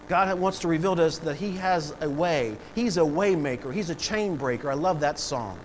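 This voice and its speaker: A man's voice: on the high side, normal speed, a little hiss or hum, low-quality recording. A man preaching a sermon as pastor, acting out voices and swelling in volume for emphasis.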